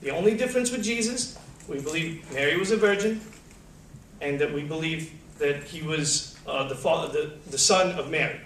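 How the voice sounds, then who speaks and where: A man on a panel, telling religious stories to an audience in a lively, slangy way and acting out the quotes, recorded in a college lecture hall. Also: a little high, normal speed. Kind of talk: casual religious storytelling to an audience. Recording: echoey hall, distant mic, faint hum.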